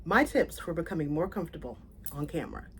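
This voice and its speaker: A woman raised in South Florida, talking casually to her viewers in a vlog, animated and chatty, laughing and correcting herself as she goes. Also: deep voice, quick pace, slightly rough, faint music behind. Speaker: content creator.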